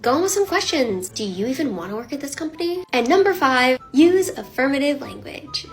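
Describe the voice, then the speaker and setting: An upbeat woman delivers quick career and life tips in a punchy, encouraging style. Her voice sits a little high for a woman, and faint music plays underneath. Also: animated. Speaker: career advice creator. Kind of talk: casual tips to camera.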